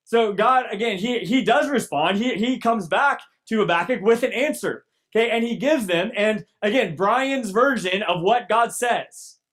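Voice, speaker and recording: A man's voice: high voice, moderate pace, hardly any pauses, fairly bright tone, poor audio. A man teaching a casual Bible lesson at church, talking conversationally and checking in with his listeners as he goes. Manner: conversational, often checks in with "right?" and "okay?"; restarts and repeats words often.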